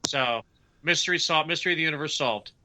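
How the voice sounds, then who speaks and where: A man's voice: a little high, fast talker, noisy background. A man chatting casually as a podcast co-host, explaining things with hesitant restarts. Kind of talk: casual chat.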